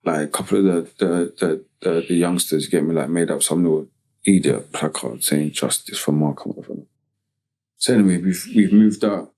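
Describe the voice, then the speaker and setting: A man from Tottenham with a North London accent, telling a personal story as a podcast guest in slangy, halting speech full of "you get me" tags. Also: sits low, warm tone. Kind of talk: casual storytelling interview.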